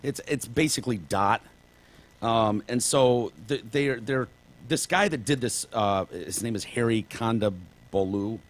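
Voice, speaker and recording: A male podcast co-host chatting casually and reading an article aloud, halting and tripping over names with lots of ums. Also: mid-range voice.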